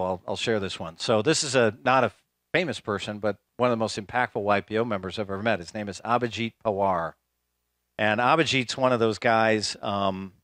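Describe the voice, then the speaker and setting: A man's voice: lowish voice, fairly bright tone, no echo, studio quality. A man giving a conference keynote in a casual storytelling way, with many fillers and restarts. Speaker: speaker. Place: conference hall, live talk.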